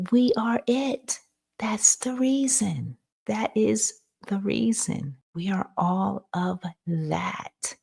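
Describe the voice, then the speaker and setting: A woman hosts a podcast with soft spiritual affirmations, her low voice breathy and gravelly. She talks slowly and soothingly, often dropping into a half-whisper. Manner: slow, soothing, partly whispered. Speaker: podcast host.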